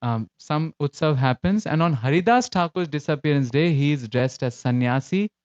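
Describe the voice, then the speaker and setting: Animated Indian-accented man telling stories. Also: fairly high pitch, normal speed, no room sound, dull audio. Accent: Indian English. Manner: animated storyteller acting out quoted voices. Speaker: lecturer in a devotional class. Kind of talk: storytelling sermon.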